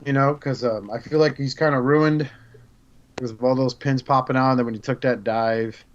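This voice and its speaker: A man's voice: medium pitch, fairly even intonation, normal speed, dull audio. A man co-hosting a podcast in casual banter, joking and swearing freely, who also reads a listener letter aloud. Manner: profane, joking. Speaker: podcast co-host.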